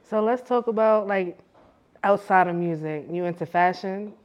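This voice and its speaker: A woman's voice: mid-range voice, moderate pace, dull audio. A woman hosting a podcast interview, asking questions with short encouraging replies. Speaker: podcast host. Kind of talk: casual interview.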